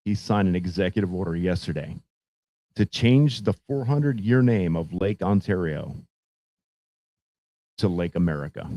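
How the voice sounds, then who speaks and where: A man's voice: sits low, lively intonation, normal speed, pauses often, mellow, dry recording, muffled recording. A man hosting his own show, ranting about politics with profane, sarcastic commentary. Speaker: radio show host.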